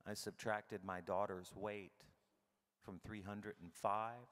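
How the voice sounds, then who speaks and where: Middle-aged male keynote speaker, comedic storyteller, bright and punchy, big hall echo. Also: lowish voice, takes it slowly. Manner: animated and irreverent, acts out his own thoughts. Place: large conference hall. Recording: long hall reverb.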